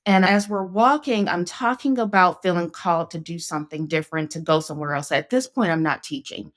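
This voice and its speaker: A podcast host from Northeast Ohio speaks in a lowish, steady voice at a fairly quick clip. She tells her story in a casual conversation, earnest and reflective throughout.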